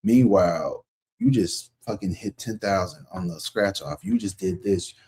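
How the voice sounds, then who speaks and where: A man's voice: low-pitched, measured pace, darkish tone, a little hiss or hum. A man giving a casual, blunt tarot reading, talking conversationally and swearing freely. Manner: conversational, acts out other people's voices. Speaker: tarot reader.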